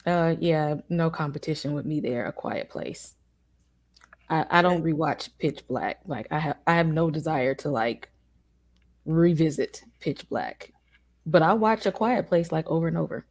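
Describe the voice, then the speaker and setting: A woman chatting casually as a podcast guest, hesitant and halting, often restarting her words. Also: low voice, a little mellow.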